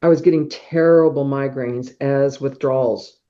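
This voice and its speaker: A woman's voice: rumbling low, fairly even intonation, normal speed, mellow. A middle-aged woman telling a personal story as a podcast guest, acting out sounds like whooshes and claps as she goes. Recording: dull, muffled podcast audio.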